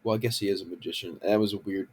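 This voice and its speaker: A man's voice: lowish voice, steady tone, racing, a little mellow, breathy edge. A young man ranting about a show in a casual home vlog, swearing and rambling with lots of fillers into a handheld camera. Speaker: vlogger.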